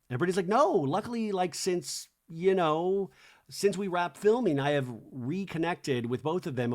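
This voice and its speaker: A man hosting a podcast, casually recapping a reality show reunion and acting out the cast members' lines in mimicking voices. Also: medium pitch.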